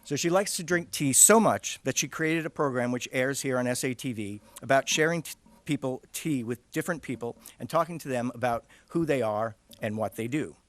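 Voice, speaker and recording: A man's voice: mid-range voice, a little fast. A man presenting awards at a studio event, reading introductions in a jokey, teasing way.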